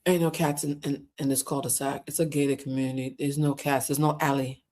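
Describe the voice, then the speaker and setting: A woman's voice: rumbling low, flat delivery, a little fast, warm tone. A woman hosting a casual livestream, chatty and laughing often, with a Black way of talking and easy swearing. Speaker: host.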